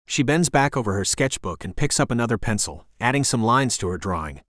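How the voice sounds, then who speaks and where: A man narrating a first-person romance audiobook in a measured storytelling manner, on a close studio mic. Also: medium pitch, expressive, a bit bright, dry recording.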